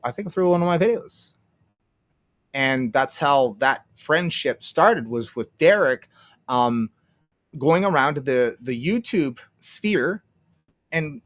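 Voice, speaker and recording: A man's voice: on the high side, dry recording. Rambling, profane man streaming live. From Canada. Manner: rambling, profane, laughs often, acts out quotes. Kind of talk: casual livestream chat.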